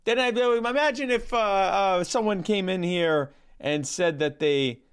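A man putting on a low, deadpan, halting comedian voice to tell a rambling joke about being teased. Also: clear, resonant tone. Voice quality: deadpan, drawling, halting with restarts. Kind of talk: comedian impression bit.

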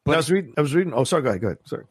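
Husky, animated podcast co-host man. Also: a little high, very fast. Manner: animated, swears casually, mocks accents. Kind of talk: casual chat.

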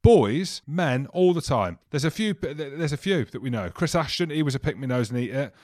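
A man at an everyday middle pitch, co-hosting a podcast with loose, rambling, jokey chatter. His voice is recorded close and dry, with no room sound around it. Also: lively intonation, brisk, no echo. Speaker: podcast co-host. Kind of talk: casual chat.

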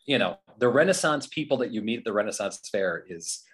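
A man who performs with whips, chatting as a podcast guest in an animated, casual and sometimes profane way. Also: on the low side, a little fast. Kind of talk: casual interview chat.

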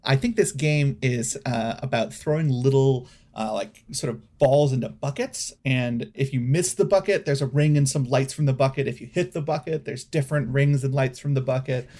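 A man narrating as game master, describing scenes in a relaxed, rambling way with many fillers. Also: mid-range voice, normal speed, few pauses.

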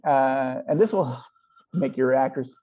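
A man's voice: medium pitch, measured pace, highs cut off. A man talking about his filmmaking in a casual interview, rambling with lots of fillers and restarts. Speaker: filmmaker guest.

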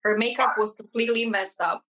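A woman hairstylist telling a personal story in an interview, earnest and halting, often restarting her sentences and acting out dialogue. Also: fairly high pitch, poor audio. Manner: animated, acts out dialogue in quoted voices. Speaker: hairstylist guest.

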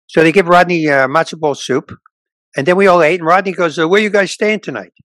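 Fairly high in pitch and fairly quick, an older male stand-up relates anecdotes in a casual interview with no echo. He's animated and puts on voices for the people he quotes.

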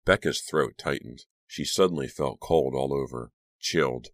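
A man narrating an audiobook chapter in an expressive storytelling manner. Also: very deep voice, normal speed, no room sound.

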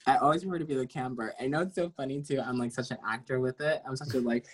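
A man's voice: mid-range voice, quick pace, husky. A man appearing as a wrestler guest, chatting casually and giggly, often poking fun at himself. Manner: giggly, self-deprecating, chatty. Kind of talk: casual interview over a call.

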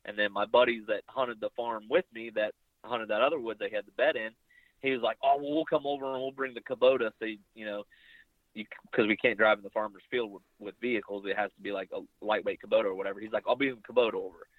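A man's voice: on the low side, quick pace, dry recording. A young man recounts a hunting story in a loose, rambling way, jumping in and out of the lines people said to him. He sounds squeezed and tinny, as if he is on a phone line. The sound is dead dry with no room around it. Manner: rambling, animated retelling with quoted dialogue. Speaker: bowhunter guest. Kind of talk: casual storytelling interview.

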